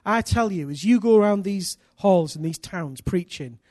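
A middle-aged man from England, preaching a sermon full of personal stories, energetic and self-deprecating with bursts of loud emphasis. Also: sits high, normal speed, no room sound, clean studio sound.

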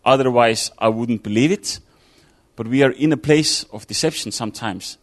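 A man's voice: mid-range voice, moderate pace. A man delivers an informal sermon in a mid-range voice, speaking as if thinking aloud. He restarts phrases and fills gaps with "um" and "you know", keeping it loose and conversational. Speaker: preacher.

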